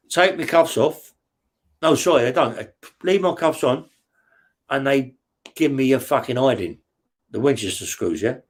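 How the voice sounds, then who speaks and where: Blunt, profane man telling stories. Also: medium pitch. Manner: blunt and profane, tags lines with "yeah?"; rambling and vivid, full of restarts and sound words. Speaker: interview guest. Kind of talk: casual true-crime storytelling.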